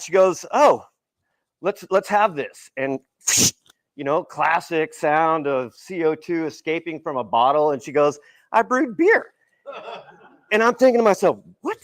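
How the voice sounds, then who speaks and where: A man giving a casual, animated storytelling keynote to a live audience at an event hall. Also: sits high. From El Paso, Texas. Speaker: keynote speaker. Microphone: handheld mic, partly without it.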